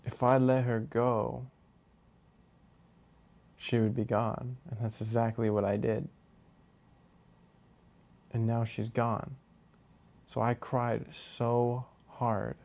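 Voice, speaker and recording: A man telling a personal story in a rambling, halting way, with many restarts and fillers. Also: mid-range voice, vocal fry, warm tone. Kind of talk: casual storytelling monologue.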